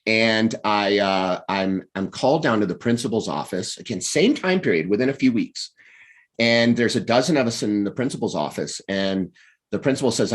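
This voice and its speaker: Low-voiced man telling his life story. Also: normal speed. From United States. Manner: animated storyteller with frequent restarts. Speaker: guest coach and author. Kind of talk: casual interview storytelling.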